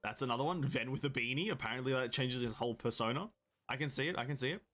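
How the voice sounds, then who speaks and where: A man's voice: medium pitch, quick pace, fairly bright tone. A young man, rambling and joking in casual live-stream chat as he plays a game and answers his chat.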